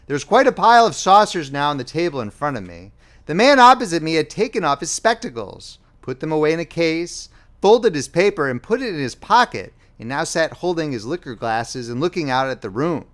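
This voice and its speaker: A man reading a novel aloud as an audiobook narrator, in a plain, measured first-person style. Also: a little high, fairly bright tone.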